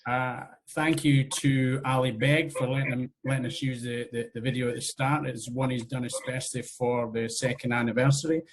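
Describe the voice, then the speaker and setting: Man, host, halting with fillers, video call, faint noise. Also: mid-range voice, fairly even intonation, low-quality recording. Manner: halting, with many fillers and restarts. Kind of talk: closing remarks on a video call.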